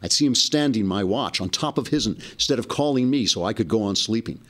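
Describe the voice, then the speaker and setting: A man's voice: on the low side, expressive, fairly quick, a bit bright. A man reading aloud as Huckleberry Finn, a young runaway boy torn by conscience, in an earnest, folksy storytelling voice. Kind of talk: reading a novel passage aloud.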